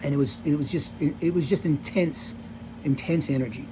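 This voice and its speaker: A man in his sixties casually tells rock-tour stories from his past on camera as a vlogger, rambling and full of "you know" and "like." His pitch is fairly high, he talks a little fast, and background noise is audible.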